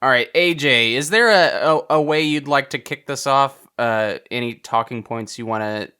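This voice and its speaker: A man hosting a film podcast in casual chat, steering the talk, with sentences that often trail off softly. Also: mid-range voice, moderate pace, clean tone. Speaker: podcast host.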